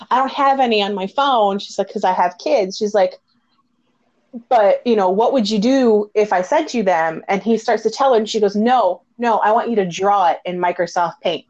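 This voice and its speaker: A woman hosting a casual conversation, telling stories with lots of laughter and animated quoted dialogue. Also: medium pitch. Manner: animated storyteller, laughs often. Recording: dull lo-fi audio.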